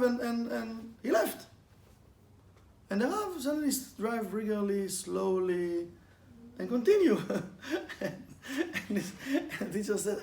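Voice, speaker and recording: High-voiced man teaching. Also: normal speed. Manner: animated, laughs often, acts out quotes and sound effects. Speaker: Kabbalah teacher. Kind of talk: informal spiritual lesson with storytelling. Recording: echoey room with faint ambient noise.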